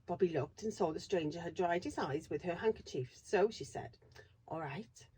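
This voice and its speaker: A woman reading a classic children's novel aloud in a steady, expressive narration. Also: fairly low pitch, fairly quick, husky. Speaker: reader. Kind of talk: storybook read-aloud narration.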